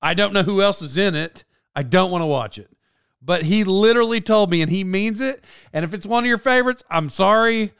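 A man delivers a rambling, sarcastic comic rant and keeps cutting himself off to start over. His voice sits a little high. The sound is close and dry, with no room echo. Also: animated, brisk, a bit bright, clean tone. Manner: sarcastic, self-interrupting, stumbling restarts. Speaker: comedic commentator.

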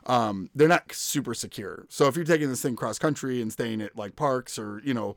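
A man's voice: mid-range voice, moderate pace, gravelly, dry recording, studio quality. A man in his thirties hosting a podcast, telling stories in casual chat, laughing often and acting out quoted voices. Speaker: podcast host.

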